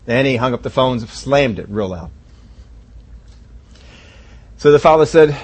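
A man's voice: mid-range voice, moderate pace, pauses often. Conversational male pastor preaching. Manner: storytelling, conversational. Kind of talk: sermon.

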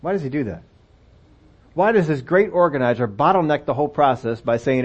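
A preacher with a fairly high voice delivers a sermon, reading scripture aloud and talking it through with his listeners. He speaks conversationally and keeps asking rhetorical questions. The recording sounds dull and lo-fi. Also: lively intonation, quick pace, darkish tone.

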